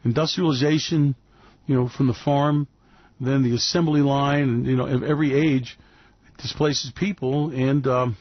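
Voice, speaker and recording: The recording is dry and dull: a radio-show host with a steady, mid-range voice speaks at a moderate pace. He rambles emphatically through an opinionated monologue, frequently restarting and using fillers.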